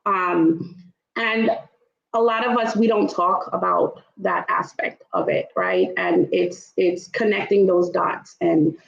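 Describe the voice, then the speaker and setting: A woman's voice: on the low side, steady tone, takes it slowly, vocal fry, echoey room, dull audio. A woman from Trinidad with a Trinidadian and New York accent, speaking with emphasis as a panelist in a casual discussion and often asking "right?". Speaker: panelist in an online travel talk.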